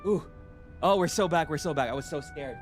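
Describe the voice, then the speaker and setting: A young man chatting excitedly on a livestream, rambling and jumping between shouting and mumbling. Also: a little high, fairly quick, faint music behind. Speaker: streamer. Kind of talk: excited casual livestream chat.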